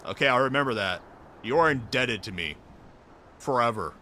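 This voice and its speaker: A man streaming a game, excitable and profane, reacting loudly and reading dialogue aloud. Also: medium pitch, normal speed, a little hiss or hum. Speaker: VTuber streamer. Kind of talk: casual gaming stream.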